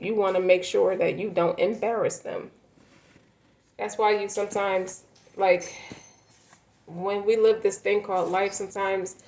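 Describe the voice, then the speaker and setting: A woman's voice: mid-range voice, a little mellow, low-quality recording. Rambling woman giving a tarot reading. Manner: rambling, emphatic, many fillers and restarts. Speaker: tarot reader. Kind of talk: tarot reading, casual spoken.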